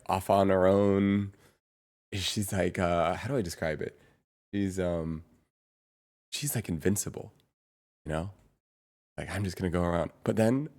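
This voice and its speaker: A man livestreaming and chatting casually to his viewers, rambling and often pausing to search for words. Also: low-pitched, darkish tone. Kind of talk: casual chat to stream viewers.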